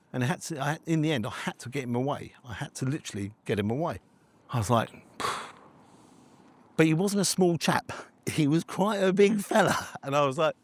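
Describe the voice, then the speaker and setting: A man, a food reviewer, telling a story in an animated way and acting out conversations. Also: a little high, a little fast. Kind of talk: storytelling vlog.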